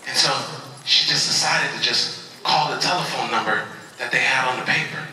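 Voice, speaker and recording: A man with a voice on the high side gives a motivational speech in a large convention hall, telling a story with call-and-response and stammering restarts. His tone is steady, bright and forceful, his pace moderate with frequent pauses. Slight background noise and distant, echoey sound mark the recording.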